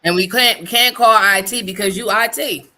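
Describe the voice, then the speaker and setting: Male co-host, sharp bright tone, high voice, lively storyteller. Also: moderate pace. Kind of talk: casual chat.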